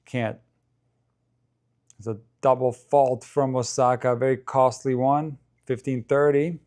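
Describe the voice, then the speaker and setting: A man doing relaxed live commentary for a stream. His voice sits at an ordinary middle pitch. He chats and thinks aloud, and talks straight to his viewers. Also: unhurried. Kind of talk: casual live match commentary.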